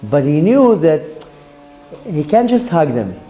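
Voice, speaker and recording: A rabbi tells a Torah story. His voice sits a bit high for a man, with a dark, mellow tone. He acts out what each figure says. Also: sing-song, slow, soft background music. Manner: storytelling, acting out characters' lines. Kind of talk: Torah lesson told as a story.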